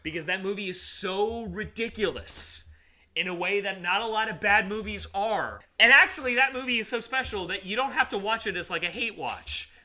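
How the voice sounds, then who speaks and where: A man's voice: high voice, moderate pace, sharp tone. A man co-hosting a podcast, talking emphatically in a casual, ranting way and often repeating himself. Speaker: podcast co-host.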